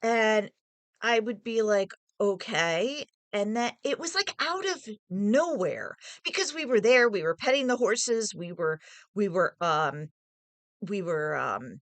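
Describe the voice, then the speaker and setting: A woman's voice: mid-range voice, expressive, slow, no room sound. A woman casually telling a personal story in a rambling, digressive way, thinking aloud as she goes.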